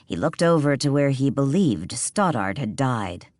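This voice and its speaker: An audiobook narrator reading a cozy mystery in measured storytelling. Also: mid-range voice, big pitch swings, darkish tone, dry recording, studio quality.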